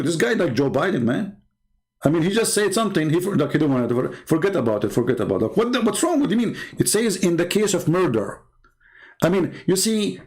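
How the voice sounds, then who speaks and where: A man's voice: sits high, darkish tone. A man hosting a live stream, giving a sarcastic, mocking polemical monologue with chuckles.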